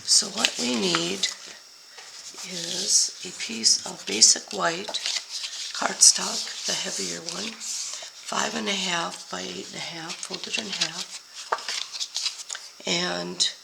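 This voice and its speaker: A woman's voice: lowish voice, gravelly. An older woman with a scratchy voice from being ill, chatting her way through a card-making tutorial and sometimes losing track of product names. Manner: chatty, forgets product names mid-sentence. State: scratchy voice from a week-long illness. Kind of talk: crafting tutorial.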